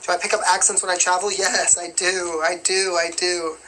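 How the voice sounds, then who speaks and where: A young man from New York with a light New York accent and a bright, forceful voice. He hosts a casual live question-and-answer stream. He rambles chattily, filling his talk with "you know what I mean", over a faint hiss of noise. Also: high voice, little pitch movement, moderate pace, rough recording. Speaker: livestream host answering viewer questions.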